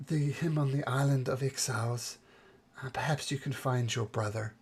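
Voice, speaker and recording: A woman narrating as game master of a tabletop game on a voice call, relaxed and chatty, with many fillers. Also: extremely low pitch, moderate pace, husky. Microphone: computer mic on a voice call.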